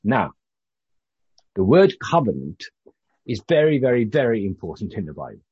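This informal Bible teaching comes from a British man whose voice is low with a slight huskiness. Leading a relaxed study group, he speaks haltingly and keeps starting his sentences over, captured in a dry, slightly muffled recording.

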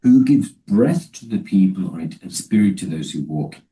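A man with a low, deep, very dark and mellow voice preaches a Bible teaching talk with lively intonation. He halts and restarts often, using many fillers, and slows to read scripture carefully and deliberately. The low-quality recording picks him up from a distance, a little way off the mic.

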